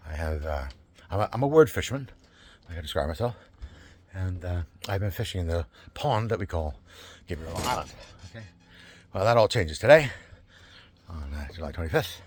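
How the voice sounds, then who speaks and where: A man with a low, somewhat husky voice talks straight to camera in a loose, rambling way. His pitch swings widely as he gets worked up, and he keeps circling back with fillers and restarts. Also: animated, normal speed, no room sound. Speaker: vlogger running a campaign. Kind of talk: casual rambling monologue.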